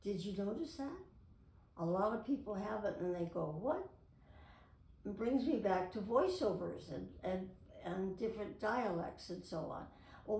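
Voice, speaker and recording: A woman's voice: mid-range voice, creaky, a little mellow. Woman in her 90s, former voice actress, chatty storyteller; roomy echo, mic set back. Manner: chatty, with theatrical read-aloud passages. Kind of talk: casual storytelling to camera. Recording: echoey room, mic at a distance.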